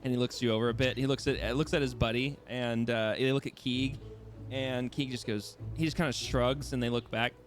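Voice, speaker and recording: A man narrating a tabletop game as game master, describing scenes haltingly with many pauses and restarts, over faint music. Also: mid-range voice, steady tone.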